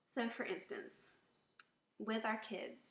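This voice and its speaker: A woman's voice: on the high side, animated, slow. A woman giving marriage advice to wives, acting out example phrases to show different tones of voice. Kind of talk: instructional talk to wives. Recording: roomy echo.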